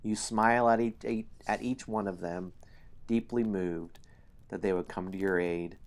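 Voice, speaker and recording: A man hosting a solo tabletop game stream, narrating the story slowly and explaining the game sheets. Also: on the low side, steady tone.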